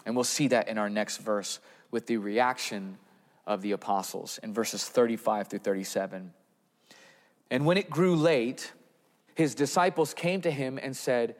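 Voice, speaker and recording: A man's voice: medium pitch, measured pace. A man preaching a sermon, reading scripture and acting out the apostles with a raised, exasperated voice. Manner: expressive, acts out the apostles in a raised voice. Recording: long hall reverb.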